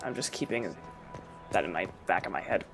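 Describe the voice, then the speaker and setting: Lively young man doing gameplay commentary. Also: low voice, fairly quick, music in the background. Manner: casual, swears, thinks aloud. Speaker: gameplay streamer.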